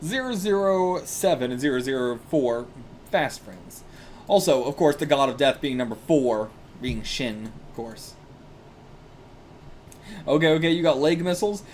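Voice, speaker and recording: A young man reading a manga aloud and reacting casually, excitable and laughing, with bursts of swearing. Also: medium pitch, measured pace, slight background noise. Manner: excitable, swears, laughs, puts on brief character lines.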